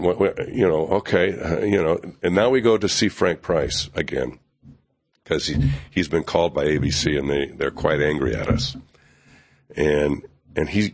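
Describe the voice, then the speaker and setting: Older man with a deep, low voice; lively anecdote teller who slips into other people's voices. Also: normal speed. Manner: animated, acts out other people's lines; frequent fillers and restarts. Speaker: television writer and producer. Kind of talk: anecdotal storytelling in an interview.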